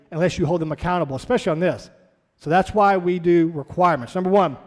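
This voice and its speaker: A fitness trainer, a man with a high voice, runs an orientation for a class in his studio. He talks straight to the group in a blunt, motivational way. His words carry a long echo, as though spoken in a large hall.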